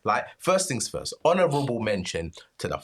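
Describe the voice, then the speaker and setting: An excitable young man co-hosts a casual music reaction. His voice is a little husky, and his pitch swings widely as he swears and repeats himself for emphasis. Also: moderate pace. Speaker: reaction channel co-host.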